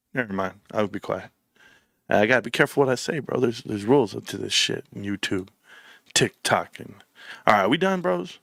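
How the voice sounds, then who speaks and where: Animated man with a bright voice. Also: a little high, dry recording, clean studio sound. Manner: animated storytelling, slangy, plays out dialogue in voices. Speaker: YouTube host. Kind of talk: casual rambling monologue.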